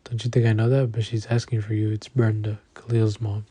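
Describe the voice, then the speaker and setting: A man voicing a nosy, sassy clinic receptionist who speaks briskly. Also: fairly low pitch, flat delivery, dark tone, breathy edge, no room sound.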